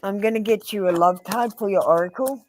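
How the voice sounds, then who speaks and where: A woman with an Australian accent giving blunt, earnest tarot readings on a live stream, pausing often with ums. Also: mid-range voice, a little hiss or hum. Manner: blunt and earnest, addressing viewers by name; frequent ums and pauses. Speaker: tarot reader.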